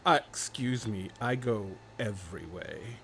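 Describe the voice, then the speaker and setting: A man voicing a smug, flirtatious male noble gambler with a slow, teasing, drawn-out delivery. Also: on the low side, crowd noise, voice pushed down, lightly acted.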